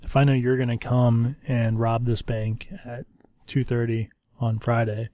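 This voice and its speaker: A man with a mellow, relaxed voice chats casually as a co-host. He throws in short, easygoing reactions. His voice is recorded close and dry. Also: medium pitch, a little slow, dry recording. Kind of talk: casual chat.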